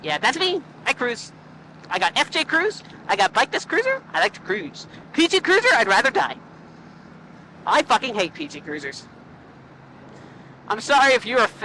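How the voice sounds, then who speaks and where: A Canadian woman vlogs while riding a motorcycle on country roads, joking, swearing and rambling into her helmet mic. Her medium-pitched voice is sing-song, bright and forceful at a normal speed. The low-quality recording carries a little hiss or hum.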